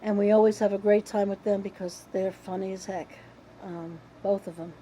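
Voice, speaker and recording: An older woman talks casually to her viewers, drifting from one tangent to the next. Her voice is mellow and relaxed at an ordinary middle pitch. A faint room noise sits behind her. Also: normal speed, poor audio. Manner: rambling, chatty, with restarts and tangents. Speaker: vlogger. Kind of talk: casual chat to camera.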